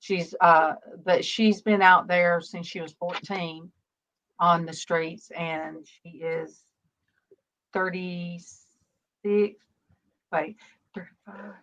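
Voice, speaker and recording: A middle-aged woman, hosting a casual online prayer-group chat and pausing often with "um". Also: fairly low pitch, fairly even intonation, a bit bright, highs cut off. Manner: halting, many pauses and "um"s. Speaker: online ministry panel host.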